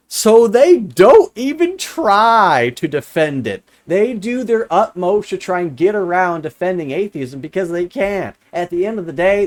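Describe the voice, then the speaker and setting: A young adult man commenting on a viewer's comment, sarcastic and exasperated, repeating lines for emphasis. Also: on the high side. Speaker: religious commentator answering comments. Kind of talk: casual commentary reading and rebutting a comment.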